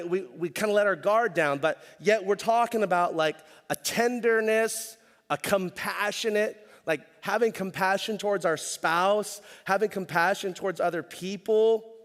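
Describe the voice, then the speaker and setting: Pastor guy preaching casual, lots of slang, voice a bit high, big hall echo. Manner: conversational, animated storytelling with slang. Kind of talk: sermon. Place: church stage.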